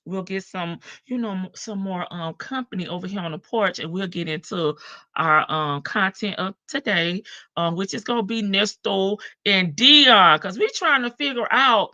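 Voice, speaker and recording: A woman's voice: mid-range voice, moderate pace, bright, forceful tone, no echo. An older woman hosting a casual live stream, greeting viewers one by one and stretching out her hellos. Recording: dull lo-fi stream audio.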